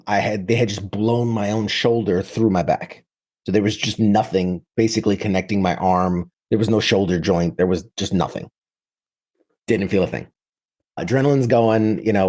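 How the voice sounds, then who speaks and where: This man, a veteran in his thirties from New York City, speaks in a lowish, slightly mellow voice. He shares his story casually, with lots of vivid detail and many false starts.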